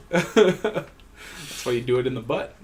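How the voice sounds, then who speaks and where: A man co-hosting a podcast, telling crude stories in rambling casual banter, laughing often and loudly acting out the people he quotes. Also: medium pitch, animated, takes it slowly, slight background noise. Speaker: podcast co-host.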